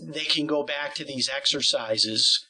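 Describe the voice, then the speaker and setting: A man interviewing a guest about a singing course, with a bright, forward tone. He talks at length in a loose conversational way, stacking up examples and qualifiers. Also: medium pitch, a little slow, rough recording. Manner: explains at length with many qualifiers.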